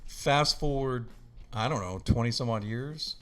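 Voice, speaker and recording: A man's voice: medium pitch, measured pace, a bit bright, soft background music. A man as a podcast guest, telling a story animatedly with many laughs and acted-out voices. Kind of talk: casual storytelling.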